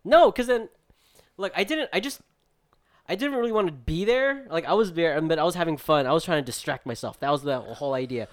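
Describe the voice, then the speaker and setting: A man's voice: on the high side, lively intonation, a little fast, dry recording, studio quality. A young man co-hosting a podcast, telling a story in a casual, rambling way with many filler words and acted-out quotes. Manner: rambling storytelling full of filler likes, acting out friends' lines. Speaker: podcast co-host. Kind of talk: casual chat.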